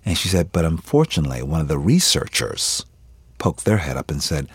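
A very deep, husky male voice, recorded close and dry on a studio mic. He tells stories in a radio interview with lively energy and acts out the people he quotes. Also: brisk, no echo. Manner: animated storyteller acting out quoted voices. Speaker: actor guest.

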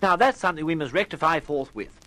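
A man's voice: fairly high pitch, animated, quick pace, fairly bright tone, poor audio. An actor playing a foppish, cheerful upper-class English airman who dithers and chatters in 1950s radio drama. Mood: charming. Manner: chirpy, dithering, full of upper-class slang.

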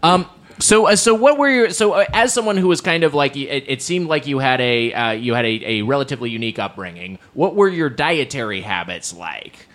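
A man co-hosting a comedy podcast, with a very animated pitch. He jokes freely and pads his questions with fillers. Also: a little fast. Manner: jokey, asks interview questions with many fillers. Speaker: podcast co-host. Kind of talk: casual chat.

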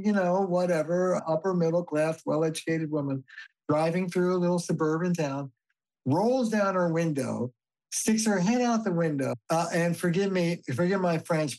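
An older man, a family therapist, talking as a guest in a podcast interview, telling stories in an animated, emphatic way and swearing casually. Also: fairly high pitch, low-quality recording.

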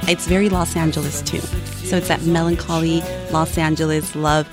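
Woman guest from Tijuana, animated, slangy, low-pitched, music clearly behind her. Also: normal speed. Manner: animated, slangy, mixes Spanish. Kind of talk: casual chat.

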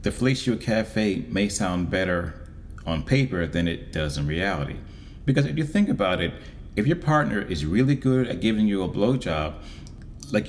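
A man giving a casual, wry monologue as a vlogger, with deliberate pauses. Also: on the low side, slight background noise.

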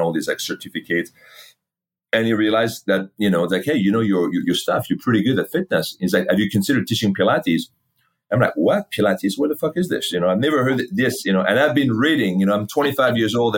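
A middle-aged man, a fitness company founder, telling his story in a casual interview, candid and cursing freely while acting out old conversations. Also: deep voice. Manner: candid, swears freely, acts out past dialogue.

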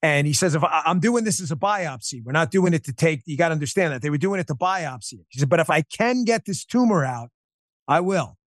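A man guesting on an interview show, telling a personal story in an animated, emphatic way with quick restarts. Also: on the high side, no room sound, clean studio sound. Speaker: podcast host and interview guest.

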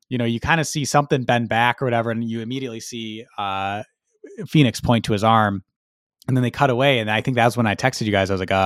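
Low-voiced man in dry podcast chat. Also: dry recording. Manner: relaxed, emphatic with strong adjectives. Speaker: podcast co-host.

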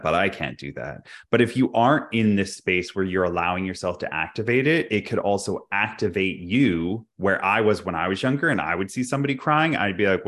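A man co-hosting a podcast, talking candidly and reflectively in casual chat. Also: fairly low pitch. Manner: candid, reflective, quick to laugh. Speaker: podcast co-host.

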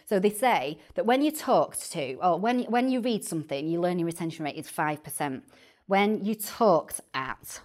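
A woman, a guest chatting on a podcast about early years teaching, animated and often repeating words as she starts a thought. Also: lowish voice, brisk, hardly any pauses. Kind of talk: casual podcast chat.

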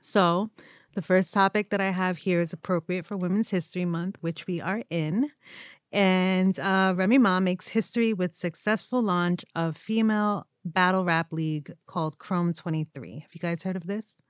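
A woman with a fairly low voice reads news topics aloud on a podcast. She is steady and orderly. The sound is dry and close-miked. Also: moderate pace, smooth, dry recording. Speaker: podcast co-host reading topics. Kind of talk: casual chat and reading news items.

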